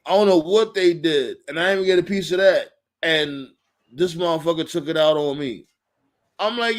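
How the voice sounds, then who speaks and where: Man, high voice, casual profane storytelling, animated quoting. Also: normal speed. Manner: animated, profane, acts out quotes in higher voice. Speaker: podcast host.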